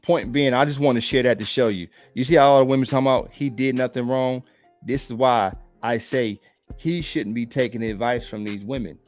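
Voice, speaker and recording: A man's voice: medium pitch, fairly quick, a little mellow, faint music behind. A man giving casual reaction commentary on dating, blunt and preachy, full of slang.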